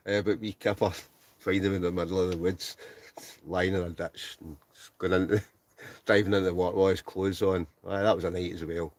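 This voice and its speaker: A man's voice: low voice, darkish tone. A Scottish man in his forties hosting a casual livestream, reading out viewers' comments, laughing often and mumbling a bit. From Scotland. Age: 40s. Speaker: livestream host. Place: inside a tent.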